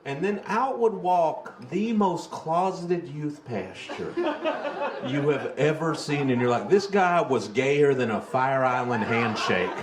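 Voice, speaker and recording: A man's voice: mid-range voice, lively intonation, moderate pace. A man doing a crude, storytelling stand-up comedy set on a club stage, into a handheld mic, acting out the people in his stories. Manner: crude, storytelling, acts out characters. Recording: echoey club with audience noise.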